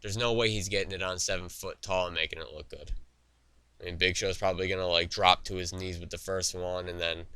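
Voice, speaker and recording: A man's voice: low voice, fairly even intonation, fairly quick, pushed and bright, clean tone, no echo. A young man hosting a wrestling talk show, giving his opinions in a rambling, opinionated way with frequent fillers and restarts, recorded in a studio. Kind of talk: solo opinion commentary.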